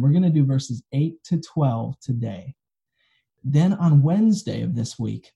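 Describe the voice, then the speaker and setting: A pastor delivers his sermon with a gravelly edge and a very dark, mellow tone. His manner is casual and folksy, full of everyday asides, and his voice is recorded for an online service video. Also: medium pitch. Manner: conversational, folksy storytelling.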